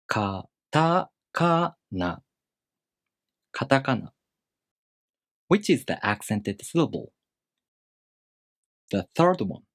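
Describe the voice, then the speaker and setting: A man teaching a language lesson in a deliberate, scripted explanatory way, slowing down to demonstrate pitch on example words. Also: breathy edge, dry recording, clean studio sound.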